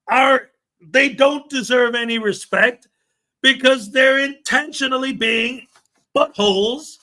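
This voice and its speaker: A man's voice: very high-pitched, sharp tone. A man hosting a commentary show, ranting sarcastically and mocking his subjects with emphatic, scornful delivery. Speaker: show host.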